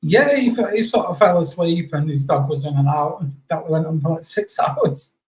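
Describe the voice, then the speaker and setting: He is a man co-hosting a live stream, with a slightly raised pitch and a quiet, brief way of replying. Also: fairly quick, poor audio. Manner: brief, low-key replies.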